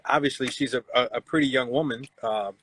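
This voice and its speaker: A man's voice: medium pitch, fairly quick, fairly bright tone, husky, dry recording, poor audio. A man in his forties hosting a casual live chat, telling stories and acting out the voices he quotes. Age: 40s. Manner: storytelling, acts out quoted voices. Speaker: host.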